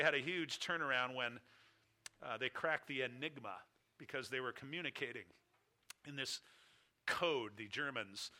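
A man's voice: mid-range voice, pushed and bright. A man preaching a sermon, telling a story in emphatic, repeated phrases that build toward a question of faith. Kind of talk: sermon illustration.

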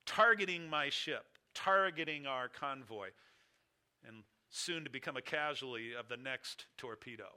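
A man with a very bright, forceful voice delivers a sermon, telling a story in emphatic, piling phrases. His speaking voice sits a little high for a man. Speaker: preacher. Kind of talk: sermon illustration.

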